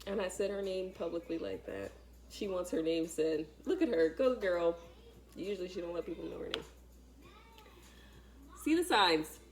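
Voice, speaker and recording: A woman, a spiritual teacher, giving an animated spiritual talk in a casual, emphatic and dramatic way, speaking straight to her viewers. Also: on the low side, moderate pace, long pauses, noisy background.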